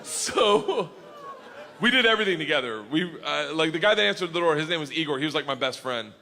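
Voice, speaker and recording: Loud male stand-up storyteller in a live club. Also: fairly high pitch, fairly quick, a faint crowd. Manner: shouts punchlines, loud excited bursts. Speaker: stand-up comedian. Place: comedy club stage before a laughing audience. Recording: live club recording with audience noise. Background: audience laughter.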